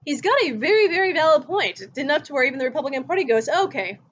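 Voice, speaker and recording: A woman's voice: high-pitched, animated, rapid-fire, fairly bright tone. A woman history teacher giving a casual recorded lecture at home, telling the story in a chatty way and acting out quotes. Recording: dull lo-fi recording.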